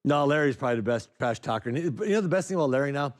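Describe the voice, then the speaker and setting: Man, casual storytelling, animated, laughing, lots of fillers, mid-pitched. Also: rapid-fire. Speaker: former teammate telling stories.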